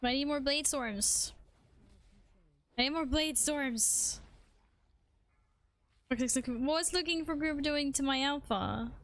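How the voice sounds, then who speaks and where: With a high, somewhat bright voice, a woman chats with her audience and her cat during a relaxed gaming stream. She hums little tunes in between and slips in quick remarks poking fun at herself.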